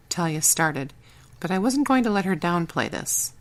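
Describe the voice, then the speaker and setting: A woman reading a first-person audiobook in a wry, brisk storytelling manner. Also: on the low side, very animated. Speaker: audiobook narrator.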